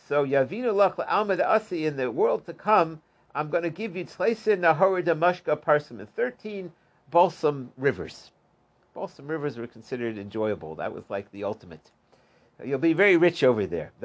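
A man teaching a Talmud class in a relaxed way, reading short lines aloud, explaining them in plain terms and chuckling at the stories. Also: medium pitch. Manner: retells stories line by line with loose asides and chuckles. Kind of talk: casual Talmud class storytelling.

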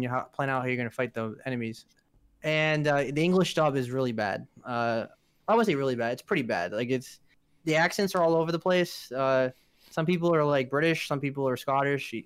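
A man's voice: medium pitch, fairly bright tone, clean tone, no room sound. A man co-hosting a podcast, chatting casually about games in a rambling way, with plenty of fillers and restarts. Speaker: podcast co-host.

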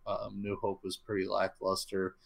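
A man co-hosting a casual film discussion podcast, talking in a halting way with many fillers and restarts. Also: lowish voice, completely flat delivery, gravelly. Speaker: podcast co-host.

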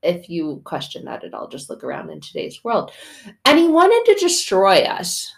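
A woman's voice: lowish voice, normal speed, vocal fry. Chatty woman talking faith casually. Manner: chatty, slangy, swears, animated storytelling. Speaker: mother; faith podcast host.

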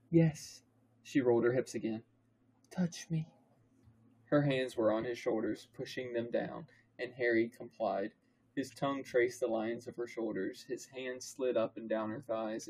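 A young man with a husky, slightly breathy voice reads a story aloud for a comedy podcast. His narration is deadpan and mock-dramatic, and his pitch sits in an ordinary middle range. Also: moderate pace, poor audio. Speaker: podcast co-host reading fan fiction aloud.

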